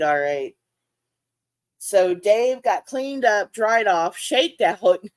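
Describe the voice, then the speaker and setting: Talking casually to livestream viewers, the host of an aquarium vlog keeps laughing. She also jumps into squeaky, high-pitched replays of how she herself reacted.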